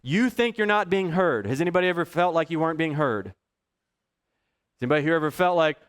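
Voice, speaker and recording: A man's voice: a little high, fast talker, clear, resonant tone. A man preaching a sermon, telling personal stories and chuckling often. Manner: chuckles often, lively storyteller. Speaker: pastor.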